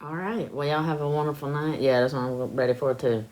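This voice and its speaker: A woman's voice: deep voice, fairly even intonation, brisk, darkish tone. A woman hosting a casual live stream from home into her phone, chatty, laughing often and filling her talk with ums. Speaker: livestream host.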